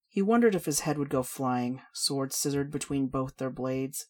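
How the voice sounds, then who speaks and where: A woman reading adult fantasy fiction aloud in a steady storytelling manner. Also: extremely low pitch, moderate pace, hardly any pauses. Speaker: reader. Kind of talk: fiction narration.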